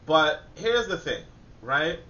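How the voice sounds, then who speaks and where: A man's voice: a little high, big pitch swings, takes it slowly, bright, forceful tone. A man talking in a casual commentary monologue, rambling with many fillers and restarts and repeating his points to drive them home. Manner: preachy, repeats points for emphasis. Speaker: commentator and author. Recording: echoey, distant, dull lo-fi audio.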